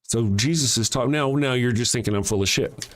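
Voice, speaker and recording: A man's voice: mid-range voice, fairly quick. A man hosting a solo commentary show, talking in a sarcastic, profane, mocking way. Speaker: host.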